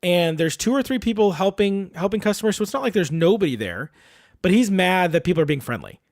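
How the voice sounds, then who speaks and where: A man's voice: sits high, fairly quick, no room sound, clean studio sound. A man co-hosting a podcast, telling a story in casual chat, acting out voices and swearing freely. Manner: animated storytelling, acts out voices, swears a lot. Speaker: podcast co-host.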